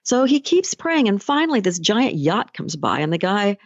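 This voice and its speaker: A woman life coach tells stories conversationally on a motivational solo podcast, her medium-pitched voice carrying a gravelly fry and big pitch swings at a moderate pace. She's recorded close and dry, and the sound is muffled and lo-fi.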